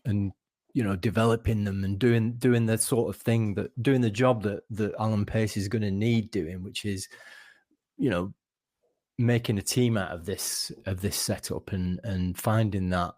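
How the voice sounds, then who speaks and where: A man's voice: lowish voice, steady tone, normal speed, a little mellow, dry recording, studio quality. A man co-hosting a casual football podcast, thoughtful and restarting sentences as he thinks aloud.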